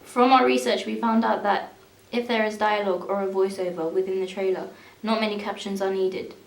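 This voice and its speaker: A young woman reading a school media evaluation aloud in a steady, even way. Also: medium pitch, fairly quick, creaky, echoey room, low-quality recording. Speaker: student presenter.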